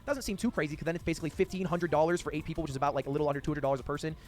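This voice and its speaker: A young man in his twenties, a streamer telling a story casually, animated and swearing freely. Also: a little high, very fast, soft background music.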